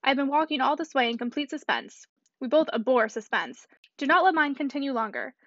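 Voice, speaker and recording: An anxious young lady presses for answers in a storybook, urgent and commanding, read by a woman. She speaks fast and high. The sound is dull and dry. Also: animated, fairly bright tone, no echo. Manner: urgent and demanding.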